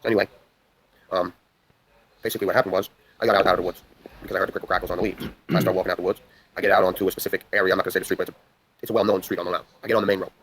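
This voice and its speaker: A young man races through a long story at a very fast clip, with a low voice that swings between loud outbursts and hushed asides. He swears constantly and rambles from one point to the next. A faint hiss of background noise sits under his voice. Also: fairly even intonation, low-quality recording. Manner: profane, rambling, intense. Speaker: livestream host.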